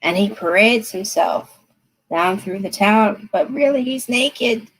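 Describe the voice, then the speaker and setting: Slow, chatty woman tarot reader. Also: medium pitch, fairly bright tone, slightly rough, rough recording. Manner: chatty, emphatic, laughs often. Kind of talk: live-stream reading.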